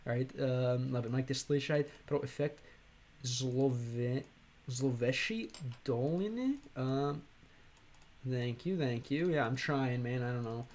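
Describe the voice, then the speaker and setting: An American man from Chicago chatting casually on a livestream, rambling and halting, with many fillers and restarts. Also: medium pitch, a little mellow, a little hiss or hum. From Chicago, USA. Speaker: streamer and language learner.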